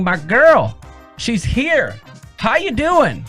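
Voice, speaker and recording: A man's voice: very animated, a little slow, a bit bright, faint music behind. Sing-song man with a drawling rooster voice. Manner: sing-song drawl that swoops high on names. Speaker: co-host of a live cruise chat stream. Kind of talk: live stream chat, reading out viewer names.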